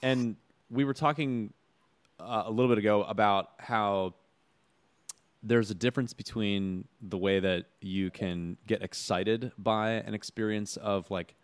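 Male interviewer, low-pitched, reflective, restarts his sentences while he searches for words. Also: fairly even intonation. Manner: warm-hearted, halting, searching for words. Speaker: interviewer host.

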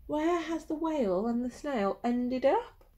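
Reading a picture book aloud to children, a woman uses a high, lively, gentle sing-song voice at an unhurried pace. She stops now and then to ask them questions, and sometimes drops to a whisper.

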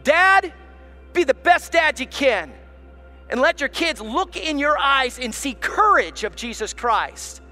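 A man, preaching a sermon as pastor, swinging from hushed tones to shouts. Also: very high voice, very animated, takes it slowly, faint music behind.

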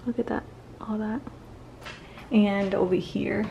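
A woman vlogger chatting casually and excitedly to her viewers. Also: mid-range voice, slow, creaky, long pauses. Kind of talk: casual vlog chat to camera.

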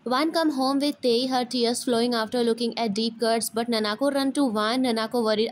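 A woman's voice: fairly high pitch, steady tone, a little fast, hardly any pauses, dry recording. Woman reading a fan story aloud, plain. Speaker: fan fiction reader.

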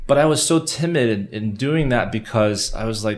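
A man in his thirties, a missionary guest in an interview, telling animated stories with many restarts. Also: lowish voice, moderate pace. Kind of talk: conversational interview.

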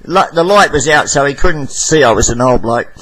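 A man's voice: mid-range voice, animated, normal speed, a bit bright, slight background noise, poor audio. An Australian man telling a rambling vlog story, blunt and profane, with stammered restarts. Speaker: vlogger.

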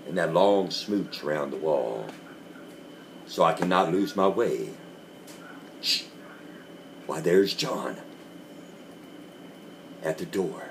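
A man giving a dramatic reading of a classic story, slow and deliberate with dramatic pauses. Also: low-pitched, slight background noise. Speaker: reader.

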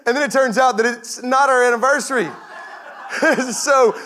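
Man in his thirties, guest pastor, high voice, energetic storytelling sermon. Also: fairly quick, slight background noise.

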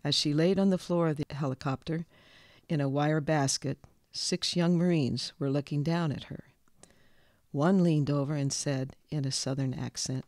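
A man reading a local history story aloud in a calm, measured scripted narration. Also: on the high side, no room sound, clean studio sound.

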